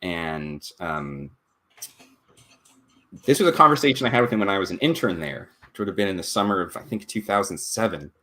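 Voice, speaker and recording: A man in his thirties with a fairly low voice speaks on a live panel. He is thoughtful and tells anecdotes, with frequent ums and restarts. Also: expressive, fairly quick, pushed and bright, slight background noise. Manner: thoughtful, anecdotal, many fillers. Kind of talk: casual panel talk.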